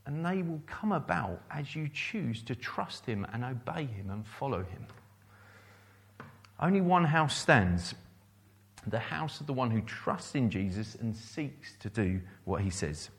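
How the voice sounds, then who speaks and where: A man's voice: mid-range voice, big pitch swings, measured pace. A man preaching a sermon, quoting scripture and repeating key phrases for emphasis.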